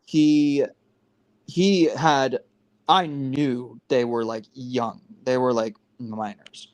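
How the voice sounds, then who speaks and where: A man's voice: medium pitch, steady tone, very slow, a little mellow, no echo. A man in his twenties talks on a casual live stream over a video call. He rambles earnestly, circling back and restarting his sentences as he explains himself. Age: 20s.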